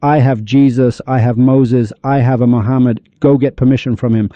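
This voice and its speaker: A man's voice: medium pitch, fairly even intonation, moderate pace, no echo, natural voice. A man voicing God as a sleepy, irritated figure woken in the night, grumbling and dismissive, in a dull lo-fi recording.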